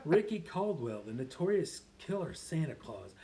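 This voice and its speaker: A man voicing a giddy, high-voiced man character who reads slowly and exclaims. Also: big pitch swings, mellow, a little hiss or hum.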